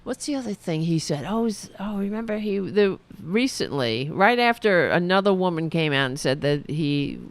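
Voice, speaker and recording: A woman's voice: fairly low pitch, expressive, normal speed, hardly any pauses, dry recording. Exasperated woman podcast host, swearing freely. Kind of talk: casual political chat.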